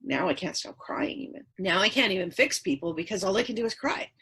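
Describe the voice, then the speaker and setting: Husky-voiced woman telling her story. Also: medium pitch, lively intonation, fairly quick, fairly bright tone. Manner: earnest, repetitive storytelling. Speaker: podcast guest. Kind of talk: personal story in interview.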